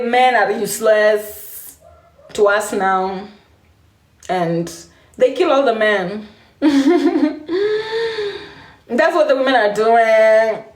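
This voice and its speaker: A woman's voice: on the high side, a little mellow, roomy sound. A woman with a Kenyan accent talking casually on a live stream, laughing often and repeating phrases for emphasis.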